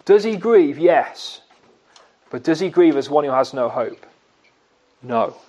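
A man preaching a sermon, asking his listeners questions and answering them himself, and slowing down to stress key words. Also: fairly high pitch, expressive, warm tone. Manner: slow, emphatic delivery on key words.

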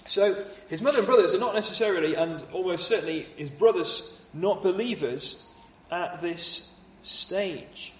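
High-voiced man preaching in an echoey hall. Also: normal speed, few pauses. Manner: expository, rhetorical questions, acts out voices of townspeople. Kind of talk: sermon.

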